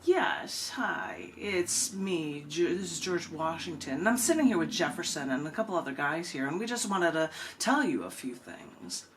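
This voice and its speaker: A preachy ghost of a founding father phones up and scolds at length in a blustery, lecturing tone, read by a woman. The voice sits low, and a faint ambient hum lies underneath. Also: sing-song, moderate pace, few pauses. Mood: breezy.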